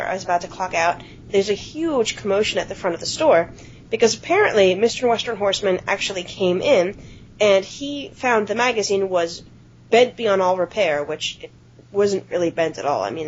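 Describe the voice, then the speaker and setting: A woman co-hosting a podcast, telling a workplace anecdote in a casual, animated way with some offhand swearing. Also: mid-range voice, slight background noise. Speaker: podcast co-host. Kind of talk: casual storytelling chat. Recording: dull lo-fi podcast audio.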